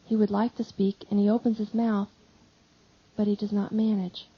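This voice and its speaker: A woman reading a devotional text aloud in measured, solemn narration. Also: mid-range voice, flat delivery, slightly rough. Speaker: audiobook reader. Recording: slightly dull lo-fi audio.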